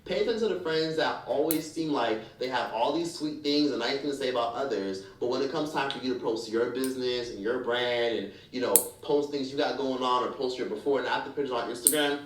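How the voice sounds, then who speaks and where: A man's voice: mid-range voice, fairly quick, few pauses, slight background noise. A man telling a story as a commentary YouTuber, candid, blunt and profane. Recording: echoey room, distant mic.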